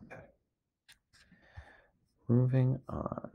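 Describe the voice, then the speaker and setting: A man's voice: mid-range voice, completely flat delivery, very slow, creaky, phone-quality sound. A man teaching a recorded French lesson, explaining step by step and often checking in with the class.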